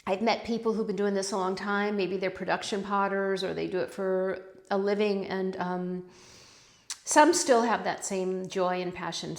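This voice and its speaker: A woman's voice: medium pitch, vocal fry. A woman vlogging about her pottery in a casual, rambling, chatty way, breaking off mid-sentence and picking the thread back up. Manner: rambling, chatty, self-interrupting, warmly emotional. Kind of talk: casual chat.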